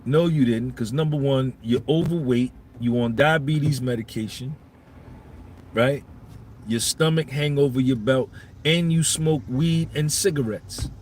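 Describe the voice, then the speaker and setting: A man's voice: medium pitch, measured pace, darkish tone. A man in a mid-range voice delivers a live podcast monologue, blunt and profane, hammering each point by saying it again. Faint background noise hums under his voice. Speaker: podcast host.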